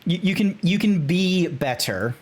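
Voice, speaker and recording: A man's voice: sits high, expressive, a little slow, darkish tone. A man streaming live, rating fan character art in a loose, rambling way, often restarting, swearing and laughing. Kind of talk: casual live-stream commentary.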